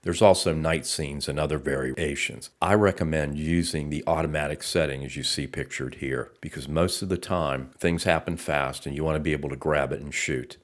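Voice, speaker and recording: Guy with a super low voice walking thru slides on camera gear, steady explainer tone. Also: moderate pace, hardly any pauses. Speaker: research group presenter. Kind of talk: narrated slideshow tutorial.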